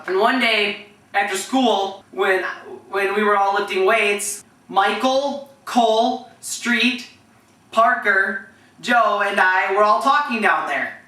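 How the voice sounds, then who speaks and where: A young man rambles through stories about his team, chatty and full of restarts. His voice is bright and sharp. He sounds like he is in an echoey room, with the mic set some way off. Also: high-pitched, slow, far from the mic. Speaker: vlogger telling team stories. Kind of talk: casual storytelling with impressions.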